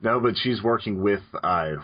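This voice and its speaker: A man telling his part of a tabletop story game in a relaxed, laid-back way and laughing easily. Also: lowish voice, moderate pace, lo-fi sound. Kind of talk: casual chat during a tabletop story game.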